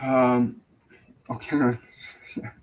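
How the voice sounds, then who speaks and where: A man hosting a live mediumship show, relaying messages gently and hesitantly, with many fillers and restarts. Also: mid-range voice, level tone, drawn-out words, poor audio. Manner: soft, dropping almost to a whisper when relaying tender messages. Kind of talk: casual live mediumship reading.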